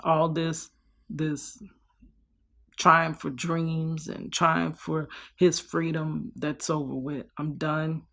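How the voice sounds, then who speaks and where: A woman's voice: sits low, level tone, slow, gravelly, a bit bright. A young woman talking in a personal vlog, weary and heartfelt, trailing off and restarting as she speaks. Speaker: vlogger.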